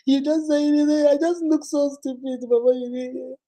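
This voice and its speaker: A woman's voice: high voice, completely flat delivery, a little slow, dark tone, voice pushed up. A Nigerian woman voicing a distressed young woman who pleads with her counselor, repeating herself and breaking into crying laughs. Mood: tearful.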